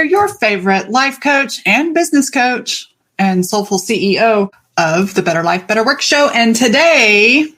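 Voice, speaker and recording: A woman with a drawl hosts a casual podcast monologue. She talks with lively energy and chatty asides, and drops swear words freely. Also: a little high. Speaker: podcast host and life coach.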